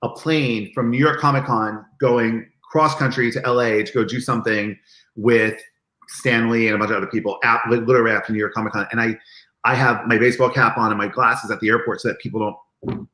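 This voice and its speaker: A man telling stories as an interview guest, animated and acting out the lines he quotes in lively chat. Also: medium pitch, fairly quick, roomy sound, rough recording. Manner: animated, acts out quoted dialogue. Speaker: guest, event marketing executive. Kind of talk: casual storytelling in an interview.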